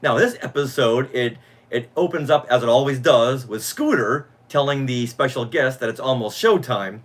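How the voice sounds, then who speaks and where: A man's voice: medium pitch, animated, moderate pace. A middle-aged man co-hosting a podcast, telling nostalgic stories with enthusiasm. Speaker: podcast co-host. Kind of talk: casual fan podcast chat.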